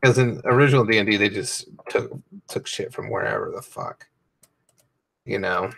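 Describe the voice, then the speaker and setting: A comedian talking loosely and profanely while coloring on a stream, with lots of fillers. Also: male voice, lowish voice, normal speed, gravelly, a bit bright. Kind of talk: casual rambling chat.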